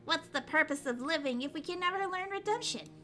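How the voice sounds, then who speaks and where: A woman voicing a calm, gentle young girl while reading a visual novel aloud. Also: sits high, fairly quick, faint music behind, pitched above the performer's own voice.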